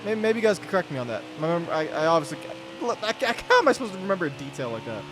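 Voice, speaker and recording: A man's voice: fairly high pitch, very animated, rapid-fire. Exasperated man rambling over gameplay. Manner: rambling, self-interrupting, exasperated rants. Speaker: gaming channel host. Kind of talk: live gameplay commentary. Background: game music and car engine sounds.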